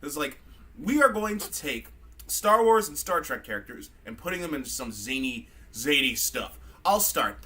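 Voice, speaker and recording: A man's voice: on the high side, very animated, moderate pace, pushed and bright, slight background noise. A man hosting a casual comedy podcast, rambling with stumbling restarts. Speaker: podcast host.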